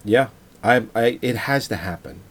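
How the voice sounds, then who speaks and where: A man talking casually about movies, relaxed and enthusiastic, swearing freely. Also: mid-range voice, moderate pace.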